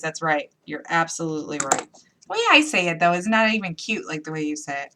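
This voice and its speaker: In a low-pitched but lively voice, pushed and bright and a little fast, a woman from upstate New York hosts a live crafting session. She's chatty and playful, thinking aloud as she walks through each step.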